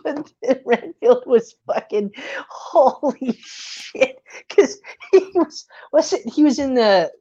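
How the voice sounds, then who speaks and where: A woman co-hosting a casual chat, animated and laughing, who swears freely. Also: high voice, unhurried, muffled recording. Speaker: co-host.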